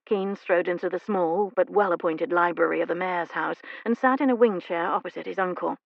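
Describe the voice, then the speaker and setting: A woman narrating a romance audiobook with a steady, measured, gravelly reading. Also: on the low side, dry recording, lo-fi sound. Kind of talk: scripted narration.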